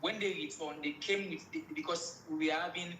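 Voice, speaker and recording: A man's voice: on the high side, fairly even intonation, brisk, sharp tone, slight background noise. Sierra Leonean man in an echoey room. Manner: repeats phrases while explaining. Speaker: musician guest. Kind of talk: casual interview.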